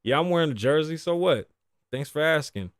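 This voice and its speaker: A man's voice: on the high side, expressive, fairly quick, smooth, dry recording, clean studio sound. A man in his thirties hosting a casual solo talk show, cursing freely, joking, laughing often and dropping in Spanish phrases. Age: 30s. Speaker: podcast host.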